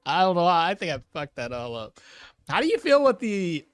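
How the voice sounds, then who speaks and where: A game streamer giving casual live gameplay commentary, animated and laughing, often trailing off and restarting mid-sentence. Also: mid-range voice, moderate pace, clear, resonant tone, no echo.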